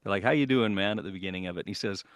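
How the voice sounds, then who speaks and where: An older man with a low voice chats casually on a podcast and rambles through long anecdotes. The sound is dry and close to the mic, with no room around it. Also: very fast, no room sound. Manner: rambling storyteller, does voices when quoting. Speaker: podcast co-host. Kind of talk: casual chat.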